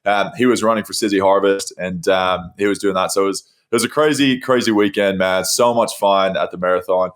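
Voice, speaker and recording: Male podcast host, lower voice, lively storyteller. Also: brisk, few pauses. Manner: animated storyteller, laughs often. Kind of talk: casual chat.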